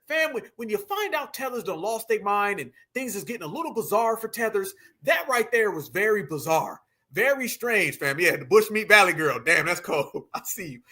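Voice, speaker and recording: Male reaction host, high bright voice, mocking and animated. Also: slightly rough. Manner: animated, mocking, laughing often. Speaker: commentary channel host. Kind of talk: reaction commentary.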